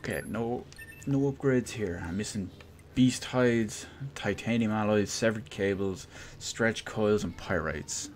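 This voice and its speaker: A man's voice: lowish voice, unhurried, slight background noise. A young man streaming a video game, talking casually with wry, joking asides. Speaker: let's play streamer. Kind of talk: casual gameplay commentary.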